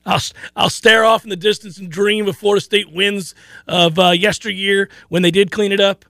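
A man hosts a sports talk radio show in a noticeably high voice. He talks casually and with excitement, often laughing and repeating himself. The sound is close and dry, straight into a studio microphone. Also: unhurried, gravelly, no room sound.

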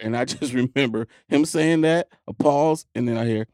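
A man who is a guest on a podcast, chatting casually in a quick, expressive way and laughing often. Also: medium pitch, no echo, clean studio sound. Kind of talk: casual chat.

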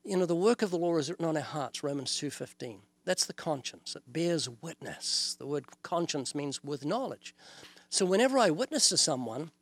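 A man's voice: fairly high pitch, lively intonation, normal speed, no echo. An older man with a New Zealand accent, a guest on an interview show, explaining his message earnestly and acting out little dialogues as he goes. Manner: earnest, illustrative, quotes scripture and acts out dialogues. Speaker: evangelist guest. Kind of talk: preaching in an interview.

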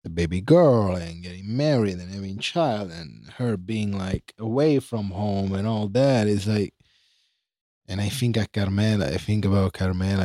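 A man co-hosting a podcast, talking in a halting, soft-spoken way with frequent restarts. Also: lowish voice, dry recording, studio quality. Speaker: podcast co-host. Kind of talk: casual chat.

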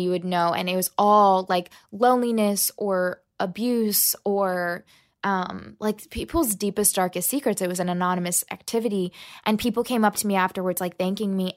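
A woman, a podcast guest, telling a personal story in an interview, animated and full of "like" fillers. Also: mid-range voice.

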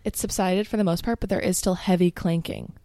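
Young woman on a podcast, kinda groggy, lots of likes and ums, gravelly dark voice. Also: fairly low pitch, fairly even intonation, fairly quick, dry recording. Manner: groggy, rambling with many fillers. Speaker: podcast co-host. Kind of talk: casual chat.

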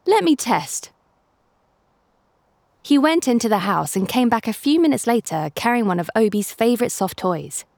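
A woman hosting a children's story podcast, narrating in an animated way with playful asides to young listeners. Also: a little high, fairly quick, creaky, few pauses, no room sound. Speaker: storyteller and host.

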